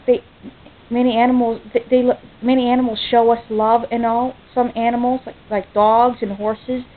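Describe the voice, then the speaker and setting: An American woman talking earnestly and off the cuff in a home vlog, halting and restarting often with many ums, sounding choked up. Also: medium pitch. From United States. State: choked up, near tears. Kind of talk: impromptu personal vlog. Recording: tinny phone-like, faint hiss.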